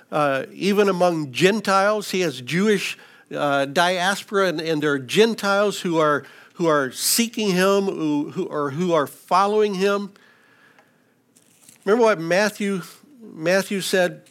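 A man's voice: high-pitched, fairly bright tone. A man preaching an expository sermon, teaching through scripture verses with frequent restarts. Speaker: pastor.

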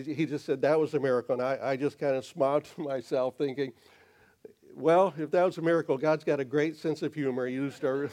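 Male pastor, mid-pitched, folksy storytelling sermon with halting restarts. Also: darkish tone. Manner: conversational, halting with frequent fillers and restarts.

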